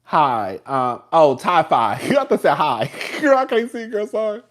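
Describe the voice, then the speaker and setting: A man chats casually on a live stream, full of sass and quick laughs. His voice swoops up and down with lots of expression, and he rambles from one point to the next. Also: a little high, lively intonation. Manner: rambling, chatty and sassy, laughs often. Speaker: show host reviewing TV.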